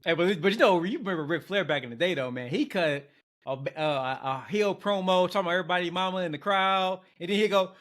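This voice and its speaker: A man co-hosting a podcast, chatting casually and telling stories with lively acted-out quotes. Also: high-pitched, fast. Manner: animated storyteller who jumps into exaggerated quotes. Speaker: podcast co-host. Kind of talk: casual chat.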